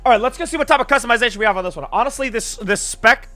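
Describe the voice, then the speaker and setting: A young man giving excited gameplay commentary as a gaming creator, blurting loud exclamations. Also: extremely high pitch, rapid-fire. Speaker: gaming YouTuber. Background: game music.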